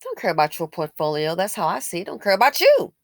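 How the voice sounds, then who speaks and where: A woman's voice: lowish voice, wildly swooping pitch, quick pace, no echo, clean studio sound. A woman giving opinionated commentary, blunt and colloquial, who repeats phrases for emphasis and fires off rhetorical questions.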